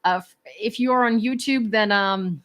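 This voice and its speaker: A woman from Ukraine hosts a relaxed livestream, chatting to her viewers from home. She talks in a rambling, ironic way, full of fillers and restarts. Her voice sits at an ordinary middle pitch for a woman. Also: normal speed. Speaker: livestream host. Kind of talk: casual livestream chat with viewers.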